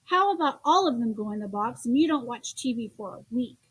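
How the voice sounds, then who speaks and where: A woman's voice: fairly high pitch, animated, fairly quick, fairly bright tone, husky. A woman voicing a firm, impatient mother fed up with her son's toys. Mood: bargaining. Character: exasperated mom clearing out toys.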